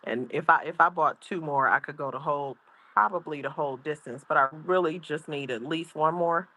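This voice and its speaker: A woman's voice: deep voice, a little fast. Chatty woman livestream host. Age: older. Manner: chatty, animated, reads chat aloud. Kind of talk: casual livestream chat. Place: outdoors at home.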